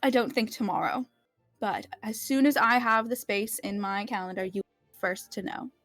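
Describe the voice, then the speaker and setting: A woman playing a young fairy woman hosting a court ball, polite and a bit hurried, in a tabletop game. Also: medium pitch, a bit bright, no echo, faint music behind, close to an everyday voice. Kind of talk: tabletop role-play.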